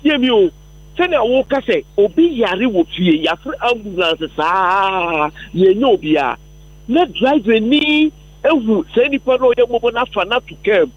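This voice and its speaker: A man's voice: sits high, lively intonation, moderate pace, lo-fi sound. A man from Ghana, a taxi driver calling a radio phone-in, arguing his point emphatically.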